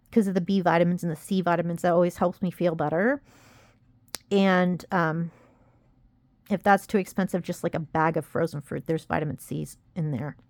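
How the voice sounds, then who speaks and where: A woman's voice: lowish voice, a little mellow, no room sound. Frustrated young woman venting to camera. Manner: rambling, frustrated, self-critical. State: upset, near tears. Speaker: vlogger. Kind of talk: casual confessional vlog.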